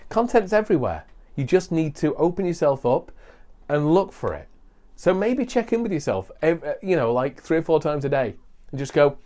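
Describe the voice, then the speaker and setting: A man's voice: fairly high pitch, animated, brisk, a little mellow. A man coaching business owners in a casual vlog, chatty and self-deprecating with jokey asides, talking from a small outbuilding. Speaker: content marketing coach. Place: small outbuilding away from the house.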